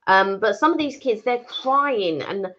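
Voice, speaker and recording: A woman's voice: a little high, unhurried, a crowd in the background. A woman co-hosting a casual live-stream chat, telling stories animatedly and acting out what people said. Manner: animated storyteller, acts out quoted speech. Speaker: vlog co-host. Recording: dull lo-fi stream audio.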